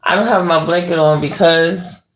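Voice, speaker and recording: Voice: medium pitch, fairly even intonation, normal speed. A livestream host lying in bed in a bedroom, chatting casually and rambling with the viewers' chat and laughing often.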